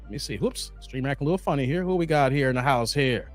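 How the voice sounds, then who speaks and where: A man around forty hosting a casual livestream, slangy and animated, laughing and chatting with viewers. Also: on the high side, a little fast, faint music behind. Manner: animated, slangy, laughs often, chats with the chat. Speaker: livestream host. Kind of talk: casual livestream chat reading viewer comments.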